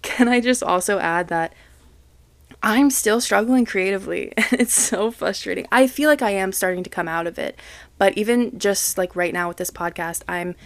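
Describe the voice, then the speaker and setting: At home, with people passing in and out, a young podcast host talks on her own show in a medium-pitched voice at normal speed. The recording is dry, and she's frank and self-deprecating, cursing and laughing while she vents.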